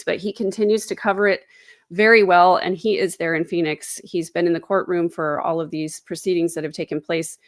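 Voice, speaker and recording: A woman's voice: lowish voice, no room sound, clean studio sound. A woman hosting a casual true crime livestream from home, chatty and sarcastic. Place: home, indoors. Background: dogs.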